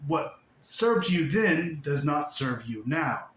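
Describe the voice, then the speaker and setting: Lively, laughing spiritual teacher. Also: male voice, fairly high pitch, slow pace. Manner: playful, laughs often, swings between loud and hushed. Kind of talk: spiritual talk to camera. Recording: echoey room, faint background hiss.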